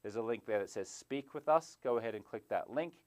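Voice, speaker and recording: Guy hosting a sober-life live stream, smooth dry voice, gets loud then quiet, lapel mic. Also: fairly low pitch, fast, no room sound. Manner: animated, swinging between loud bursts and soft asides. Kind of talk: energetic live stream pitch. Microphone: clip-on lapel mic.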